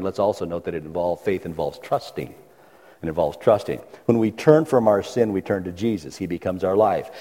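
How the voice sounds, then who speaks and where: A man's voice: deep voice, darkish tone, slightly rough. A man preaching a sermon, reading scripture aloud and pressing his listeners with earnest questions. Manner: earnest preaching, reads scripture aloud, builds to urgent pleas. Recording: long reverb of a large hall.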